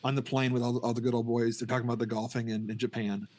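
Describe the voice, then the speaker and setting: Fast-talking middle-aged man rambling about a film. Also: medium pitch, flat delivery, darkish tone, dry recording. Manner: rambling, restarts often, acts out scenes. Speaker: podcast co-host. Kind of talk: casual film review chat.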